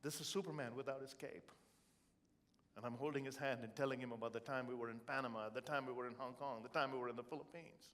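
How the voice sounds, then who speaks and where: A man's voice: medium pitch, quick pace. A middle-aged man giving a live motivational talk, telling stories with humor and feeling. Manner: expressive, storytelling, humorous. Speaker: motivational keynote speaker.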